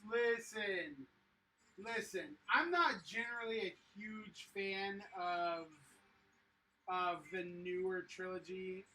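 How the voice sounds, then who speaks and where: An enthusiastic host talks casually with viewers while building, voice bright and forward, scattered with ums and restarts. The mic sits a little away from the speaker, with a faint hiss underneath. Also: medium pitch. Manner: excitable, enthusiastic, many fillers. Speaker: livestream host building sets. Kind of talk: casual chat reading viewer comments. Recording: slightly distant mic with faint noise.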